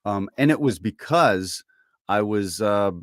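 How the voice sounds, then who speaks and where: A man with a Southern American accent talking casually in a podcast conversation, relaxed and thoughtful, with trailing fillers and an unhurried drawl. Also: fairly low pitch, no room sound, studio quality. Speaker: voice actor guest.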